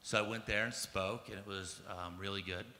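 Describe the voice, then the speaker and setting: A man's voice: on the low side, fairly even intonation, moderate pace, sharp tone. A man in his thirties from the United States gives a personal storytelling talk at a conference. He speaks casually, swears, and leans on "like" and "um" as he grows emphatic. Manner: casual and profane, heavy use of "like" and "um". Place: large conference hall. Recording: long hall reverb with faint ambience.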